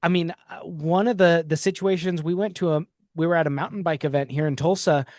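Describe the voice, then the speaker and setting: A man's voice: on the high side, fairly even intonation, fairly quick, darkish tone, no room sound, clean studio sound. A man hosting a podcast, telling reflective stories in a casual conversation, often restarting his sentences. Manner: reflective storytelling, frequent restarts. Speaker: podcast host.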